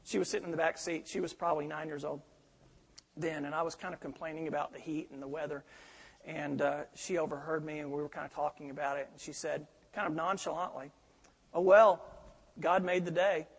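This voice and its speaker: High-voiced preacher in a reverberant hall. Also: male voice, quick pace, gravelly, slightly rough. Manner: animated storytelling with quoted voices. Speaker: pastor. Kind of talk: sermon.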